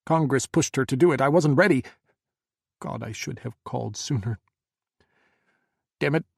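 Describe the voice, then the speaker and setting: A man's voice: medium pitch, normal speed, vocal fry, slightly rough, dry recording, studio quality. A man doing a desperate, urgent ex-president. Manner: urgent, pleading. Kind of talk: audiobook character voice.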